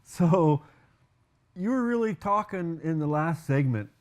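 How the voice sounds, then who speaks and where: Measured male community TV host. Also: a little high, expressive. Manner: measured, rephrases guest's points. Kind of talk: community TV interview hosting.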